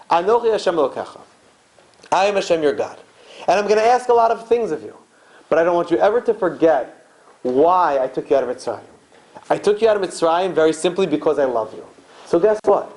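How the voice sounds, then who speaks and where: A rabbi giving an animated Torah lecture to a live audience in a synagogue, repeating phrases and asking rhetorical questions. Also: male voice, fairly high pitch, fairly quick, low-quality recording. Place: synagogue hall.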